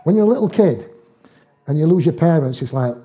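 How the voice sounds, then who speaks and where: This slightly high, dark-toned voice is animated and a little fast. It belongs to a Northern English preacher whose conversational sermon mixes humorous personal anecdotes with frequent laughs. Audio quality is lo-fi, dull and muffled.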